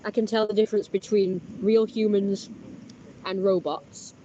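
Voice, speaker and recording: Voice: medium pitch, level tone, moderate pace, mellow, slight background noise. A person, vlogging outdoors by a canal in a chatty, boastful, wandering monologue. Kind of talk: casual rambling monologue. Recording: slightly muffled outdoor recording, faint background.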